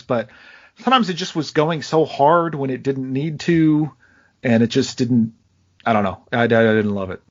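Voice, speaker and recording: A man's voice: fairly high pitch, fairly bright tone, highs cut off. A man co-hosting a podcast, critiquing a film in a hesitant, word-searching way. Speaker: podcast co-host. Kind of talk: casual movie review chat.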